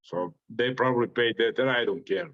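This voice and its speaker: A man's voice: mid-range voice, fairly quick, lo-fi sound. A man with a Croatian accent, a boxer giving an interview full of brash, profane trash talk and frequent laughs. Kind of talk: interview reaction.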